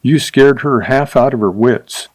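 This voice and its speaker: A man's voice: mid-range voice, measured pace, slightly rough. A man voicing a feisty young woman in her twenties who speaks sharply and accusingly in a storybook reading.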